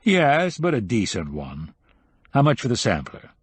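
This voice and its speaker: A man's voice: mid-range voice, wildly swooping pitch, measured pace, husky, no echo, exaggerated voice. A man voicing a wry, rambling middle-aged journalist in an audiobook.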